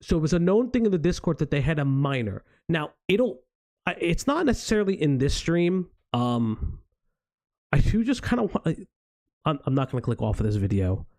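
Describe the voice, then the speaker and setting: Man, stream host, heated commentary, indignant, swearing, dark mellow tone, dry sound. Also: fairly high pitch, big pitch swings, normal speed, no echo. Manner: indignant, swearing, rising to exasperated outbursts. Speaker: stream host reacting to a video.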